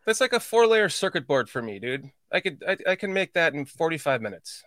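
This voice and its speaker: Laid-back swearing podcast host, dry sound. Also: male voice, a little high, sing-song, fairly quick, a bit bright, dry recording. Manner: rambling, swears, laughs at own slips. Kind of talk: casual livestream chat.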